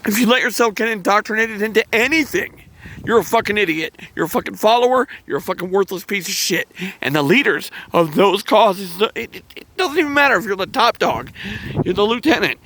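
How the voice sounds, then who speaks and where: A man hosting his own channel, delivering a heated, emotional monologue to camera, swearing often and pausing to sigh. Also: high voice, expressive, pushed and bright. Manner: angry, profane ranting with sighs and restarts. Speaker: channel host.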